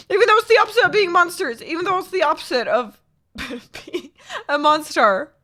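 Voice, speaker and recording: A woman's voice: extremely high pitch, animated, a little fast, sharp tone, faint music behind. A young adult woman live streamer chatting casually with her viewers, exclaiming and talking straight to chat.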